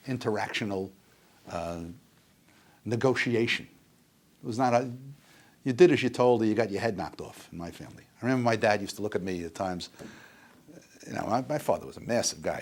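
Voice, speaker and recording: An older man speaking on addiction recovery in an earnest, emphatic lecture that repeats its points. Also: lowish voice.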